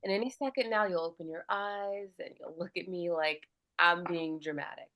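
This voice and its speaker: A woman reading a scripted scene as a grieving person at an unconscious loved one's bedside, soft and halting as if choking up. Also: lowish voice, steady tone, no room sound. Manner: soft, halting, choked delivery. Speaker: voice acting student. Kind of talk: scripted dramatic read.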